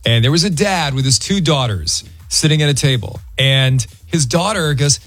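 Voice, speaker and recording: A middle-aged man hosts a call-in radio show and chats in a playful, joking way. His voice sits a little high for a man. Soft music plays faintly behind him. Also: animated, moderate pace. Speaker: radio host. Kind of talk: casual radio chat.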